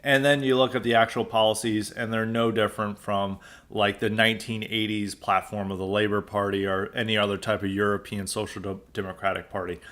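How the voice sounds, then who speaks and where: A man's voice: lowish voice, level tone, brisk, fairly bright tone. An American man hosting a podcast, giving an emphatic, sarcastic political commentary monologue and often restarting his sentences. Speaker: podcast host.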